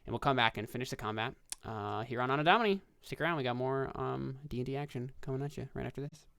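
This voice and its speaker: Gravelly man running a tabletop game. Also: medium pitch, fast talker, dry recording. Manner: relaxed, steady, calls out rolls and damage. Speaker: dungeon master.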